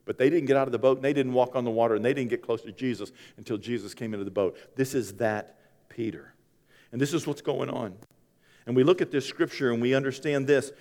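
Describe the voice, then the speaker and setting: A man preaching a sermon, swinging from loud acted-out quotes to hushed asides. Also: mid-range voice, steady tone, fast. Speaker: pastor. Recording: long reverb of a large hall.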